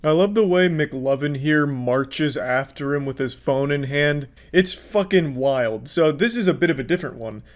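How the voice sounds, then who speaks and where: A man's voice: on the high side, expressive, moderate pace, hardly any pauses. Mocking, foul-mouthed male commentator. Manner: profane, mocking. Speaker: host reacting to clips. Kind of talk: sarcastic commentary.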